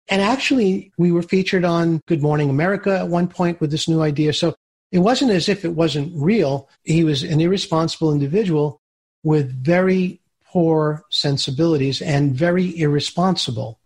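A man, an entrepreneur and interview guest, telling business stories in a lively way. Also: fairly high pitch, normal speed, slightly rough. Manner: animated storyteller who acts out quoted voices. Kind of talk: storytelling interview answers.

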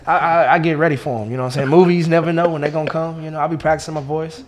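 Young man, twenties, comedian, slangy, boastful, rapid speech. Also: on the high side, fairly even intonation. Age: 20s. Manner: boastful, joking, slangy, lots of "you know". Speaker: stand-up comedian guest. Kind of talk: casual podcast chat.

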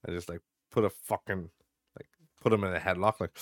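A man's voice: fairly low pitch, fast, no room sound. A young adult man hosting a casual solo podcast, ranting with frequent swearing and lots of filler words into a close mic. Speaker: podcast host.

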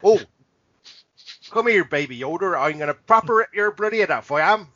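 A man's voice: high voice, animated, moderate pace, fairly bright tone, no room sound. A man putting on a blustering West Country Vader. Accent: West Country (put on). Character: Darth Vader as a gruff West Country farmer. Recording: dull, dry lo-fi podcast sound.

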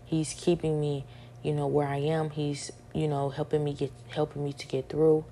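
A woman's voice: low-pitched, level tone, normal speed, warm tone, slight background noise. A young woman venting her frustration in a monologue, repeating each point several times.

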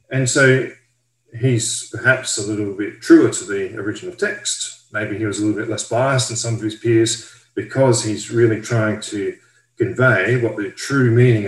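A man's voice: lowish voice, reverberant, rough recording. A man giving a careful, step-by-step Bible study explanation as a teacher.

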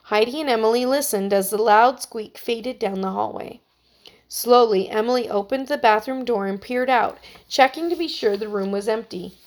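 A woman narrating a children's story with a steady, expressive reading. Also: fairly high pitch, normal speed.

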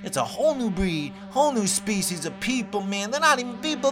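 A woman hosting her own show, delivering a rambling, excitable comedic rant and repeating herself. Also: medium pitch, a little fast, faint music behind. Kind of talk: comedic ranting monologue.

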